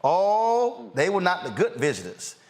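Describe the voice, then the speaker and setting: A middle-aged man hosts lively commentary, his voice pitched a little high. He talks in a mocking, slangy way and builds into animated outbursts. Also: unhurried. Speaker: host.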